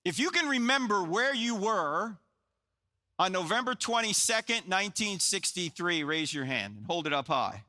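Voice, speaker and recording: A man's voice: high voice, sing-song, moderate pace, sharp tone. A man in his sixties from New Jersey, giving a joking, storytelling apologetics talk to a live audience and putting questions to them. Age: 60s. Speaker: Christian apologetics speaker.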